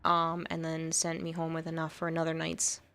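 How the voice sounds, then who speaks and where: Low-voiced woman streamer chatting casually. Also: completely flat delivery, a little fast, vocal fry, fairly bright tone, smooth. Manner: chatty, rambling, often laughing. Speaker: livestreamer. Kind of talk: casual chat while gaming and reading chat.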